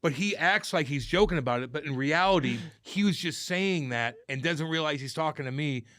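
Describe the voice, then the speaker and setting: Brief: male sports podcast co-host, animated and swearing, dry close mic. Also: fairly high pitch, fairly quick, no room sound. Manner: profane, animated storyteller. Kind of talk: casual sports chat.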